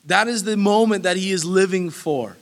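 A man's voice: sits high, normal speed. A man preaching a sermon that teaches through Bible verses, earnest and emphatic, repeating key phrases for weight, with casual asides. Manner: casual asides that break into laughter.

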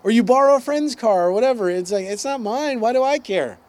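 A man's voice: very high voice, expressive, a little fast, a little mellow. A man, preaching a conversational sermon with asides and acted-out quotes. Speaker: pastor.

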